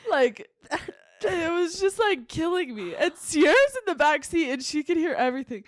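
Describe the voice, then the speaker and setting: A young woman co-hosting a podcast, telling a story in a giggly, animated way full of "like" fillers. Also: high voice, moderate pace, no room sound, clean studio sound. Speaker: podcast co-host. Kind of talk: casual storytelling chat.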